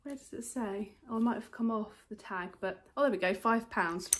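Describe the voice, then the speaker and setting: Casual British woman vlogger, rambling, self-correcting, mid-pitched, talking to a phone at home. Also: normal speed. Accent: British English. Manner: chatty and rambling, corrects herself mid-sentence. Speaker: vlogger showing a charity shop haul. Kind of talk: casual chat to camera. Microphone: phone camera.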